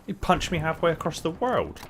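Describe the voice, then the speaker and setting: While playing a video game, a man streams and chats casually with viewers, using plenty of fillers. His voice is fairly high with wildly swooping pitch, a little fast, and fairly bright in tone. Game gunfire and sound effects play behind him.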